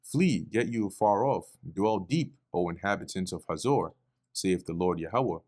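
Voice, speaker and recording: A man's voice: low-pitched, lively intonation, moderate pace, a little mellow. A man teaching the Bible verse by verse, reading passages aloud and explaining them in a casual, conversational way with frequent fillers. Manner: reads scripture then explains in casual asides, with fillers.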